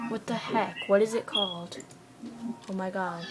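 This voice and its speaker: A woman's voice: mid-range voice, fairly even intonation, moderate pace, pauses often, loud music behind the voice. A young woman with a New York accent, reading a word list and answering questions for an accent challenge video, chatty and easily flustered. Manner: chatty, flustered, self-mocking. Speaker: vlogger. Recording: noisy webcam recording.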